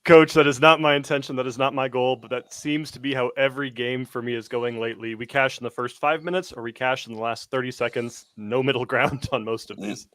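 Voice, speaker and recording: Mid-pitched male analyst, wry deadpan, dead-dry recording. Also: a little fast, few pauses, no room sound. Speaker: sports betting analyst.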